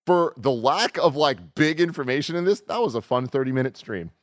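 Guy in his 30s cohosting a games news show, middle pitch, gets loud and excited, super dry sound. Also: fairly quick, dry recording. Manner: animated, rising into excited peaks. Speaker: co-host of a video game news show. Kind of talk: casual chat.

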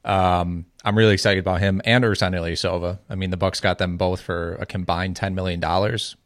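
A man analysing fantasy basketball picks in a casual podcast chat, measured and hesitant with many fillers. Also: low-pitched, flat delivery, no echo, clean studio sound.

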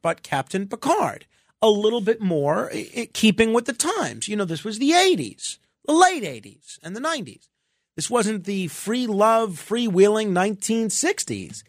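A man's voice: high voice, vocal fry, no echo. A man hosting a talk radio show, giving opinionated commentary with sarcastic, mock-exasperated asides into a studio microphone.

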